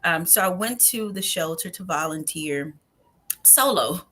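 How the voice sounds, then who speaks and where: A woman's voice: fairly low pitch, expressive, unhurried, bright, forceful tone. A woman guest on a podcast, earnestly telling her personal story and sometimes dropping to a near whisper. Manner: earnest and heartfelt, drops to a near whisper at tender moments. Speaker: guest, nonprofit founder.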